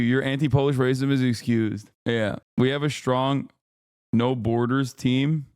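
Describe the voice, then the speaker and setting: A male live streamer riffing and swearing loosely, laughing between rambling thoughts. His voice is smooth and clear, picked up close on a dry desk mic with no room sound. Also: mid-range voice, darkish tone, no room sound. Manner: profane, rambling, laughs often. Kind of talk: live-stream reaction talk.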